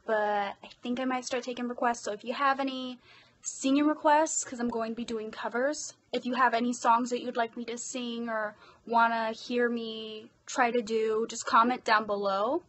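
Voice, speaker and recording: A woman's voice: on the high side, steady tone, moderate pace, fairly bright tone, a little hiss or hum. A young woman with an Irish accent, chatting casually and self-deprecatingly about her voice-acting commissions. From Ireland. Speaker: hobby voice actor.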